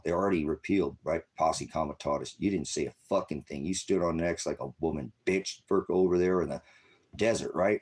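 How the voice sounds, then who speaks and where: Middle-aged man streaming a furious, swearing rant; low, husky voice that flares into shouts. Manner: profane, agitated, shouting bursts. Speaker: online streamer. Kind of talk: angry ranting monologue.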